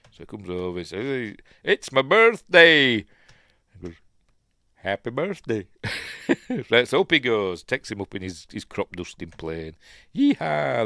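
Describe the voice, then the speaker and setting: A lower-voiced Yorkshire man talks his way through a film as he watches it, rambling and chuckling at his own asides. His pitch swoops up and down as he goes. The recording is dry and close. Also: no room sound. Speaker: film review podcast host. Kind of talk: casual film commentary.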